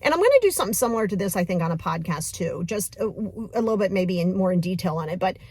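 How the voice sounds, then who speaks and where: A woman leading a guided mindfulness exercise, talking casually and straight to the viewer with lively bursts. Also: on the low side, fast talker, slightly rough. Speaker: mindfulness coach.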